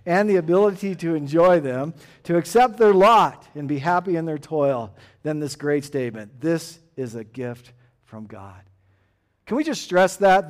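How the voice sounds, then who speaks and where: A middle-aged man preaching a sermon, earnest, dropping to a hushed tone and then rising to emphatic calls for an amen. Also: fairly high pitch, lively intonation, normal speed. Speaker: pastor.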